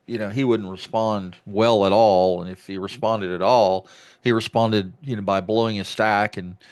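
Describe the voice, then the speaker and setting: A man hosting a podcast interview, talking reflectively about fatherhood with many restarts. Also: fairly low pitch. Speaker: podcast host. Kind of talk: conversational interview.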